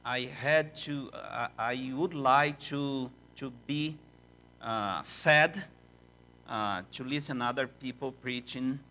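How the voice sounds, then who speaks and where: An older man with a Portuguese accent, a native Portuguese speaker, preaching as a visiting missionary in halting, self-deprecating English. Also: medium pitch, bright, forceful tone. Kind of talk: sermon in a church.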